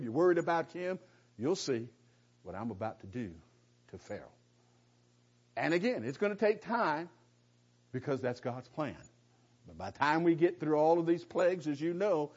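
A man's voice: fairly high pitch, very animated, moderate pace, a little mellow. Emphatic middle-aged man teaching Bible, lo-fi. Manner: emphatic, repeats phrases, asks rhetorical questions; restarts sentences, folksy asides. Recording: dull lo-fi recording.

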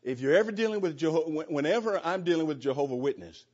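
Husky-voiced man teaching Bible study. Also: on the high side, animated, fast, darkish tone. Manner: earnest, repeats words and restarts often. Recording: slightly dull lo-fi sound.

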